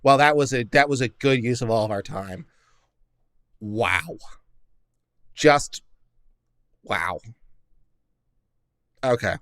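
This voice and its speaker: A man's voice: medium pitch, slow pace, long pauses, a bit bright. A man hosting a reaction show, giving casual commentary in a sarcastic, incredulous rant. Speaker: host reacting to court audio.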